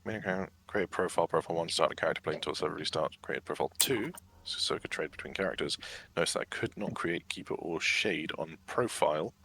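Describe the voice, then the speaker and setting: A man's voice: low-pitched, quick pace, sharp tone, husky. A man on a voice call, matter-of-fact, reading out test notes and chatting casually. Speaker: game server tester. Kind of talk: casual voice chat.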